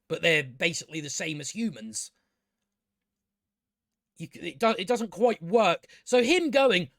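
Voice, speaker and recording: A man's voice: high-pitched, a bit bright, no echo, clean studio sound. A man giving a rambling, exasperated and profane casual review of a TV show as host of his own channel. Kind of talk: casual spoken review commentary.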